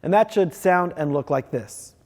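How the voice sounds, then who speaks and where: A man teaching snare drum technique, explaining each step clearly and methodically. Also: a little high, lively intonation, normal speed, in a large hall, very noisy. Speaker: percussion teacher. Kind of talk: instructional demonstration.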